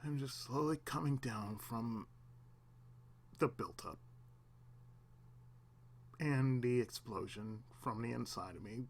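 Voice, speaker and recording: A man hosting his own channel, alone at home, giving a raw, halting confessional monologue on the verge of tears, with pauses, restarts and the odd swear. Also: mid-range voice, vocal fry. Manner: halting, repeats himself, long pauses, swears. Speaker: channel host.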